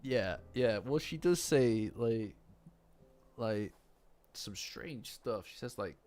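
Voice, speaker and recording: A man's voice: mid-range voice, expressive, slow, darkish tone. A young man chatting casually on a live stream in a rambling, self-deprecating way.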